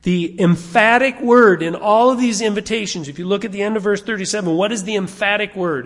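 A man's voice: high-pitched, brisk, few pauses, a bit bright. A middle-aged man preaching a sermon to a congregation, asking them questions and having them turn to verses. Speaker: pastor. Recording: long hall reverb.

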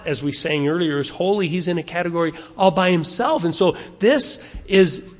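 Man, pastor, sermon, earnest conversational preaching, rhetorical questions, fairly high voice, long church-hall reverb. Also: a bit bright. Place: church sanctuary.

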